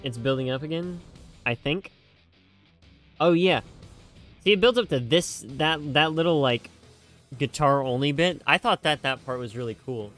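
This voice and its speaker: With faint music playing behind him, a young man reacts to game music live, his voice on the high side and a bit bright. He talks at a moderate pace with frequent pauses, rambling and self-mocking through many fillers and false starts.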